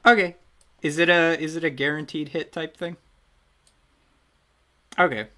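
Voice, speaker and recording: A man's voice: on the high side, fairly even intonation, unhurried, sharp tone. A man running a tabletop game as game master, narrating the action in a loose, chatty way that often trails off and restarts.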